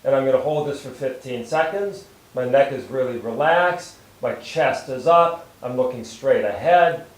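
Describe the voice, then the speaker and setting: A chiropractor calmly talking through posture stretches step by step while he demonstrates them. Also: mid-range voice, moderate pace, roomy sound, rough recording. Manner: calm, steady step-by-step instruction while moving. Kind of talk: instructional exercise demonstration.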